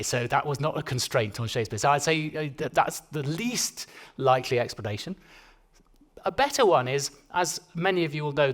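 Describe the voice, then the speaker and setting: Guy giving a public talk, chatty and playful, keeps restarting sentences, normal mid voice. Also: mid-range voice. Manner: conversational, playful, frequent restarts. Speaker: lecturer. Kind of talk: public lecture.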